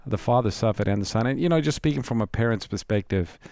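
A man's voice: medium pitch, fast talker, darkish tone, no room sound, studio quality. A man co-hosting a call-in Bible show, quoting verses and affirming the pastor's answers. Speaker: radio co-host.

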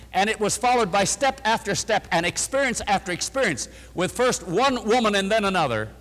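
A man preaching a sermon, his fairly high voice rising and falling with lively animation. He drives home points with loud stresses, then drops into soft asides. A long church reverb trails every phrase.

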